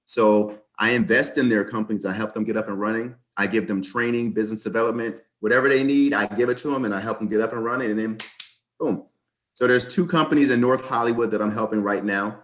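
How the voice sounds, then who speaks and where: A man speaking as a guest on a video-call interview, an animated storyteller with quick asides. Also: on the low side. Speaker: guest, business owner.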